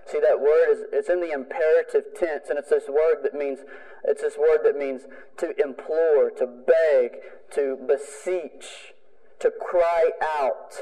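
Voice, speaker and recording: Male pastor, emphatic sermon delivery with repeated lines, slightly high, mellow tone, long reverb. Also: fairly even intonation, unhurried. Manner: emphatic preaching with repeated phrases.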